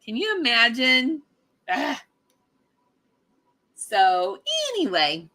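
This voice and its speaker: Slow, bubbly woman hosting a livestream. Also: on the high side, sing-song, sharp tone. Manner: bubbly, chatty, laughs often. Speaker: livestream host. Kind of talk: casual live chat reading viewer comments.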